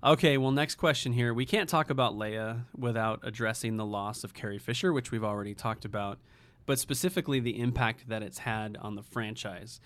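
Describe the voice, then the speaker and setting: A man of middle pitch hosting a podcast, reading out discussion questions. He speaks steadily and keeps the conversation organized. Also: steady tone, a little fast, a bit bright. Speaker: podcast host.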